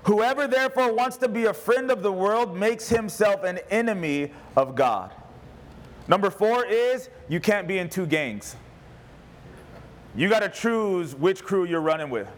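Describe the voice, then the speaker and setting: High-voiced man preaching a sermon. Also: animated, unhurried. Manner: conversational, emphatic preaching with humor. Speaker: pastor.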